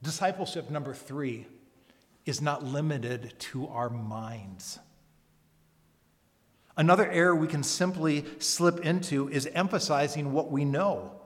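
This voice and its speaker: Pastor guy preaching slow and earnest, lots of questions to the crowd, big reverby hall sound. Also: fairly high pitch. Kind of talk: sermon. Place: church service.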